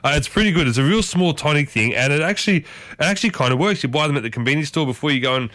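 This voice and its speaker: A man's voice: on the high side, expressive, racing, fairly bright tone, no echo. A chatty man hosting a radio show and tossing questions out to his listeners. He fumbles a little over foreign phrases but keeps talking. His voice sits close and dry in the studio. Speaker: radio host. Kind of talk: casual on-air chat. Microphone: studio microphone.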